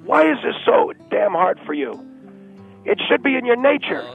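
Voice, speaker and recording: A man doing a raspy, bossy station boss on a tinny phone line. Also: very high voice, very animated, normal speed, soft background music, voice pushed up, full character voice. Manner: pushy, barking orders, impatient. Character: bossy bigoted middle-aged male station boss. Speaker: radio station boss calling in.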